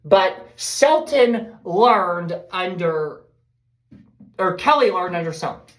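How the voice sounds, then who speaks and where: A woman giving a casual, rambling, fired-up baseball recap as host of a fan show. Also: lowish voice. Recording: echoey room.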